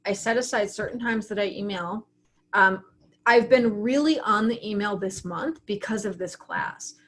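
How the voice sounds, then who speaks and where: A woman teaching a writing class over a casual livestream, talking in a chatty, frank way. She keeps acting out her own inner thoughts as she goes. Her voice sits at an ordinary middle pitch. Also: normal speed.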